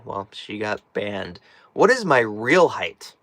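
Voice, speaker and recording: Speaking on the low side and a little slowly, this man hosts a relaxed live stream from a small tiny house. His fairly bright tone carries lively intonation as he reads chat questions, jokes around, and laughs a lot, with the occasional crack in his voice. There's no room sound.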